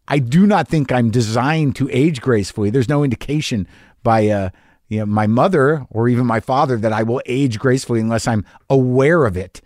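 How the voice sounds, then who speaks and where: A man's voice: medium pitch, fairly quick, darkish tone, dry recording, studio quality. A man in his fifties, a podcast host giving a rambling, candid, self-deprecating monologue with plenty of swearing. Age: 50s. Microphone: studio mic in a home garage.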